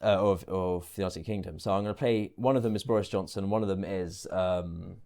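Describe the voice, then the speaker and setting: A man from England hosts a loose, casual podcast conversation in a lowish voice. He laughs often and talks haltingly, restarting sentences as he goes. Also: darkish tone. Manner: giggly, hesitant, lots of restarts. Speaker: podcast host. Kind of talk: casual chat.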